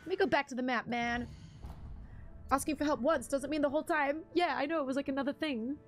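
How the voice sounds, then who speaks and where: A woman's voice: high-pitched, brisk. A woman streamer chatting casually while she plays, rambling through stories and laughing often. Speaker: game streamer. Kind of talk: casual live-stream chat while gaming.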